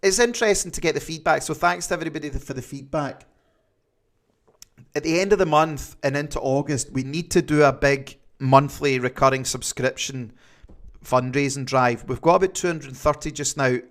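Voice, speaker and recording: A man's voice: on the high side, moderate pace, fairly bright tone. A man with a Scottish accent hosting a live stream from indoors, seated, chatting casually and answering viewer comments as he goes. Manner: chatty, reads viewer comments aloud, repeats himself.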